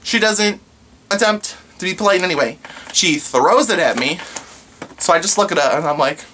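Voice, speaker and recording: A man's voice: high voice, expressive, normal speed, bright, forceful tone, slight background noise. A man who works in a pizza shop, chatting casually and acting out his customers' lines. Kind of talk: casual storytelling vlog.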